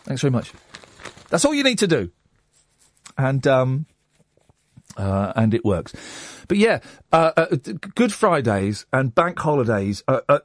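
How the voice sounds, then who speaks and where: A man in his forties hosts a late-night radio phone-in, his voice a little high and the recording dry. He's chatty and self-mocking, trading lively banter with the studio team.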